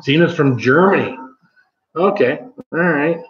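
With a voice on the high side and a fairly bright tone, this Michigan channel host rambles unhurriedly through a casual home live stream, often saying um and correcting himself. The audio is roomy and somewhat dull.

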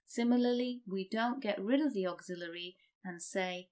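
A woman teaching English grammar, reading example sentences slowly and deliberately. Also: medium pitch, darkish tone. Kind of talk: slow scripted grammar lesson.

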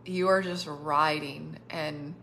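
A woman's voice: deep voice, steady tone, slow pace, vocal fry, fairly bright tone, a little hiss or hum. Woman, prophetic minister, chatty, effusive, lots of "like", bit of a cough. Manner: chatty and effusive, many "like"s, laughs often. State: has a cough, on cough syrup. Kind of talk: spontaneous prophetic ministry over a live stream.

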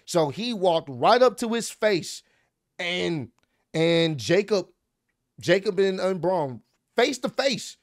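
A young man casually recapping a wrestling match, animated and excitable, with slang and swearing. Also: high voice, dry recording, studio quality.

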